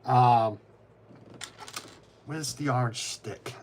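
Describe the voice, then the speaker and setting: A livestreamer with a medium-pitched voice speaks slowly over background noise in a casual stream. He rambles with many restarts, answers viewers by name, and mutters to himself while fiddling with pieces as he builds.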